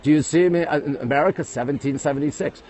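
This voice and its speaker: This tour guide's male voice is a bit high and slightly mellow, and he talks quickly. Walking around a historic castle outdoors with a handheld phone, he hosts a chatty livestream, greeting viewers and saying things more than once.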